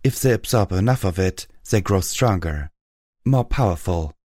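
A calm, knowing mare explains things in an even, low voice, as a male narrator reads her. She sounds matter-of-fact and unhurried. The recording is dry and close. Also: no room sound. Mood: explaining.

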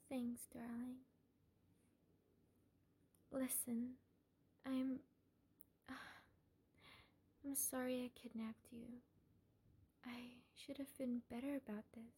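Young woman as a doting, possessive kidnapper; whispered role-play, high, mellow, airy voice. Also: full character voice. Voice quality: breathy, half-whispered. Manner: gentle, coaxing, calls listener darling. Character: obsessive doting female kidnapper, soft and possessive. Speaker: audio role-play performer.

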